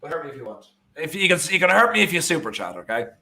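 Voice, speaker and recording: A man's voice: a little high, big pitch swings, very fast, creaky, sharp tone. Rambling Irish man co-hosting a football stream. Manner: rambling, many fillers and restarts. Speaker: watchalong co-host. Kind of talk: casual live-stream football chat.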